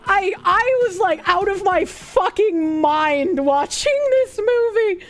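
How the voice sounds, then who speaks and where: Very high-voiced ranting woman streamer. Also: lively intonation, slow pace, hardly any pauses. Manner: loud, profane and ranting, laughing often. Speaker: streamer reacting to a movie. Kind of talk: casual live-stream commentary.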